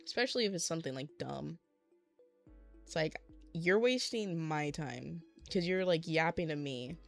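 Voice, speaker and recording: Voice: mid-range voice, lively intonation, moderate pace, creaky, a bit bright, soft background music. A young adult craft livestreamer telling a long, exasperated story in a rambling, casual way while working on a craft, acting out what other people said. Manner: rambling, exasperated venting with acted-out quotes.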